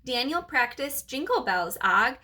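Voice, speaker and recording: A woman reading the part of a curious, excited male classroom hamster in a storybook, eager and chatty. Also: high voice, measured pace, exaggerated voice.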